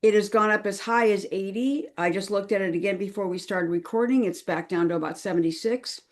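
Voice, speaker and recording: A woman's voice: medium pitch, a little fast. A woman speaking as a guest on a podcast interview, chatty and earnest, with frequent fillers and restarts. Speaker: crisis management consultant, podcast guest.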